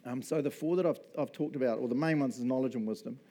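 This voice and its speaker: A man's voice: medium pitch, dark tone. Laid-back chatty male pastor. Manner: chatty, laughs often, quick asides. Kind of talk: casual conversational sermon. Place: church service.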